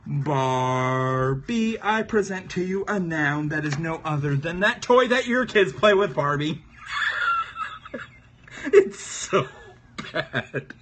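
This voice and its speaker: A man's voice: fairly high pitch, lively intonation, slow, fairly bright tone, slight background noise. A man hosting a casual drawing livestream, joking and laughing often as he chats with viewers. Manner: giggly, playful, laughs often. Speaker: livestream host.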